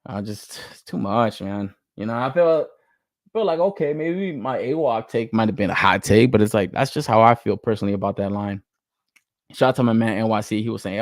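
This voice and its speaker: A man's voice: fairly low pitch, fairly quick, no echo, studio quality. A young man hosting a casual podcast, ranting with lots of swearing and laughter, exasperated. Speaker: podcast host. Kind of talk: casual rant about toys.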